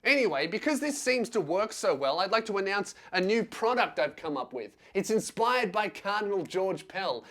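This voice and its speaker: A man's voice: sits high, animated, normal speed, few pauses, a bit bright, soft background music. A man with an Australian accent hosting a satirical comedy news show, crude and sarcastic.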